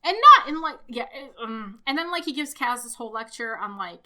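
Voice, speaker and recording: A woman's voice: fairly high pitch, fairly quick. A woman co-hosting a podcast, chatting casually and animatedly about a cartoon, swearing freely and often correcting herself mid-sentence. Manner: animated, profane, self-correcting. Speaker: podcast co-host. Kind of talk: casual chat reviewing a cartoon.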